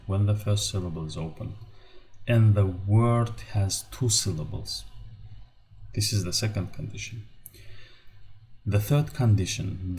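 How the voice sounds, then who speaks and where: A man with a Turkmen accent teaching a recorded language lesson, slowly repeating example words. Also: lowish voice, warm tone.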